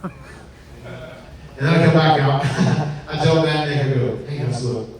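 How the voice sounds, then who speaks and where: A man's voice: a little high, steady tone, measured pace. A man hosting a live podcast, telling a rambling anecdote on stage with fillers. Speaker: podcast host. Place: live venue with audience. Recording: echoey live room from far off with crowd.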